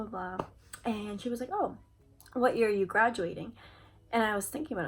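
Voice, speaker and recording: A woman's voice: medium pitch, a little fast, fairly bright tone, husky, poor audio. A young adult woman chatting to camera, telling a personal story in a casual way, full of "like" fillers and replayed conversations. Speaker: vlogger.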